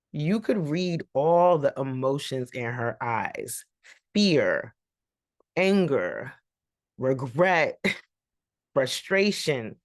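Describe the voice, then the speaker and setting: A woman's voice: low-pitched, no echo, clean studio sound. A woman vlogger giving a rambling, colloquial recap of a TV episode, with laughing asides. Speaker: TV reaction vlogger.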